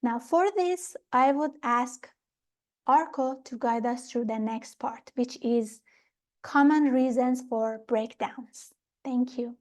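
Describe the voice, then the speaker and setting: A woman with a fairly high voice teaches a meditation workshop. She explains things step by step and often stops to check in with her audience. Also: takes it slowly, a little mellow. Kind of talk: spiritual teaching talk.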